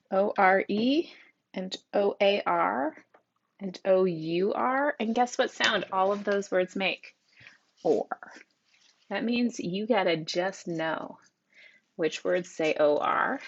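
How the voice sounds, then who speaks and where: Upbeat teacher woman, slow and gravelly. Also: on the low side, muffled recording. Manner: upbeat, encouraging, addresses children directly. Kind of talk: recorded spelling lesson. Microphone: tablet microphone.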